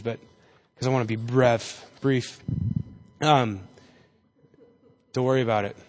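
A man giving a casual, joking Bible lesson to a group, acting out the people in the story as he goes. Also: a little high. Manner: chatty and jokey, acting out voices in the story. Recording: reverberant hall.

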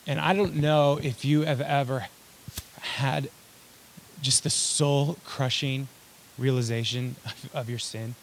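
A man's voice: mid-range voice, fairly even intonation, takes it slowly, pauses often, slight background noise. A young man preaching a sermon in a casual, conversational way, full of fillers and joking asides. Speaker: pastor.

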